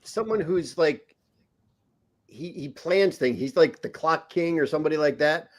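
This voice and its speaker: A man's voice: on the high side, a little slow. A man co-hosting on a video call, easygoing and chuckling as he talks. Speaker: co-host. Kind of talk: casual chat.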